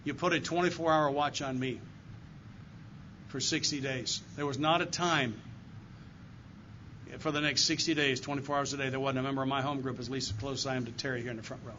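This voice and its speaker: A man's voice: mid-range voice, fairly even intonation, brisk, bright, forceful tone, slight background noise. An older man gives an earnest, heartfelt recovery talk straight to a meeting audience. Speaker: AA circuit speaker. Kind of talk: recovery testimony speech to a meeting. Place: meeting room before an audience. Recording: dull lo-fi live talk recording.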